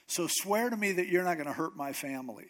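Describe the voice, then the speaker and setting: A man's voice: fairly high pitch, animated, fast, a bit bright. A man voicing a remorseful king who pleads and apologizes through tears, in a sermon retelling. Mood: pleading.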